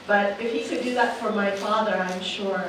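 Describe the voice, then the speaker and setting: A woman in the audience sharing a family story in a thoughtful, steady way. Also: medium pitch, moderate pace. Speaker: audience member. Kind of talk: spontaneous personal sharing. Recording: echoey hall, distant, background noise.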